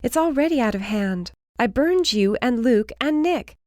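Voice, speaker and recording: A woman voicing an injured young heroine who is frightened and defiant, her hoarse voice raised and strained. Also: high voice, measured pace, darkish tone, no echo, studio quality, voice pushed up. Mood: desperate.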